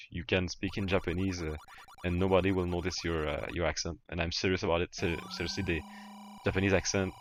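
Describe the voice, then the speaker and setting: A French-speaking man from Quebec with a Québécois French accent, chatting loosely while he plays a game live, with halting starts, fillers and restarts. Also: sits low, a bit bright. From Quebec, Canada. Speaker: streamer. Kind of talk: casual gaming livestream chat. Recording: faint game music underneath.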